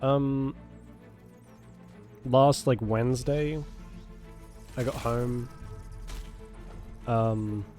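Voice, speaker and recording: A man's voice: mid-range voice, fairly even intonation, extremely slow, pauses often, dark tone, soft background music. A man streaming a video game, talking casually with a nasal, congested voice from a cold, joking and swearing. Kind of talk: casual gameplay commentary.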